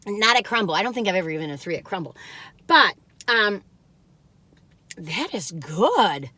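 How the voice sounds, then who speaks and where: A woman's voice: mid-range voice, sing-song, a little slow, bright, forceful tone, breathy edge, no room sound. A woman in her sixties, chatting casually in a taste-test vlog and giggling and exclaiming over the food. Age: 60s. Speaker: food reviewer.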